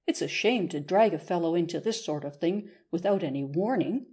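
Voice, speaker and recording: A woman's voice: lowish voice, lively intonation, brisk, darkish tone, slightly rough. A woman reading aloud, voicing a flustered young university man who protests indignantly. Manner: blustering, indignant.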